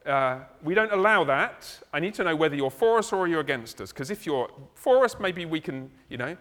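Brash army commander guy demanding answers, a preacher acting him out, bit higher voice, big echoey hall. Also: lively intonation, normal speed, a bit bright. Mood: challenging. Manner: blunt, casual, demanding. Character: adult male army commander, brash and self-assured. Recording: long hall reverb.

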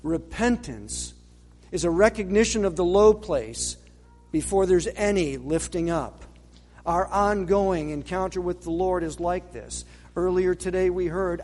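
A man preaching a sermon as a pastor, emphatic, slowing down to stress words and dropping low and soft at the end of key lines. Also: in a large hall.

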